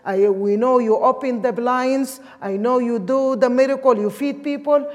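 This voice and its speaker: A woman's voice: a little high, normal speed, a little mellow, muffled recording. A woman from Sudan, preaching a sermon emphatically in English. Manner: emphatic, with non-native English grammar. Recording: long hall reverb.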